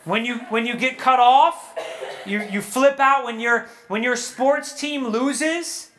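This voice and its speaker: A man preaching at a young adult retreat, earnest and animated, acting out prayers and quotes before a live audience. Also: very high voice, takes it slowly, slight background noise. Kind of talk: sermon.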